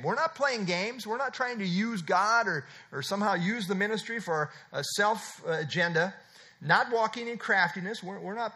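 A male pastor delivering an expository sermon, his voice pitched high and bright. He talks with a lively, swooping pitch and presses each point by restating it several times. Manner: expository preaching with repeated emphatic phrases.

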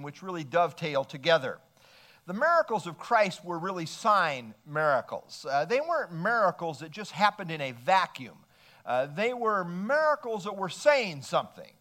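A man with a notably high-pitched voice delivers a measured expository sermon. He works steadily through scripture and cites chapter and verse as a pastor teaching his congregation. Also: a bit bright.

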